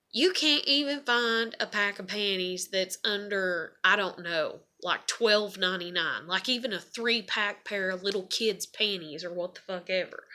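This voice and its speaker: A woman's voice: mid-range voice, sharp tone. A woman tells a frustrating family story in a rambling, profane way, padding nearly every phrase with "you know" and venting her anger as she goes. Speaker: mother telling a personal story. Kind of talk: casual storytelling vlog.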